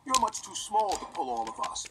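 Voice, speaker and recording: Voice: sits high, takes it slowly, noisy background, voice pushed up. A narrator voicing a gang of rude, cheeky freight cars who tease in singsong rhymes. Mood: taunting. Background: music.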